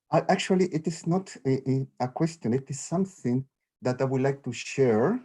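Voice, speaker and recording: A middle-aged man talking over a video call, sharing something in a halting, heartfelt way with many restarts. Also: medium pitch, expressive, warm tone, slightly rough. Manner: halting, restarts often, grateful and moved. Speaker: audience member sharing in a Q&A. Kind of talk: emotional spontaneous sharing.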